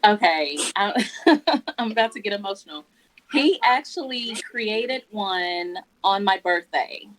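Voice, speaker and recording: A woman's voice: medium pitch, lively intonation, a little slow, fairly bright tone, low-quality recording. A woman guest giving a heartfelt personal testimony, emotional and often laughing.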